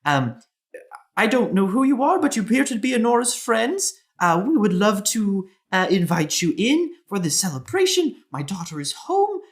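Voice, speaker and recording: A man voicing an older female dwarf mother who frets over her daughter, high and fussy. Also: sing-song. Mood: eager welcoming. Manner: frantic, fretting, rapid questions.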